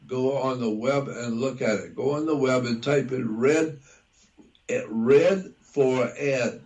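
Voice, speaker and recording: An older American man talking slowly in a casual conversation, repeating himself and spelling words out. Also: medium pitch, fairly even intonation, a little mellow, low-quality recording. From United States. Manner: slow and repetitive, spells words out. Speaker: talk show guest. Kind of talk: casual radio-style conversation.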